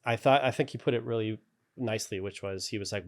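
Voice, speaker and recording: A man's voice: fairly low pitch, fast. A man telling stories in a casual interview, rambling and laughing often. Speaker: character animator guest.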